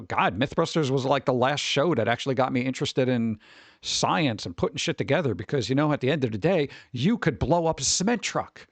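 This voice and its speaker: A man's voice: on the high side, no echo. A young adult man, hosting a stream, rants in a casual, profane chat and acts out the voices he quotes. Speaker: streamer host.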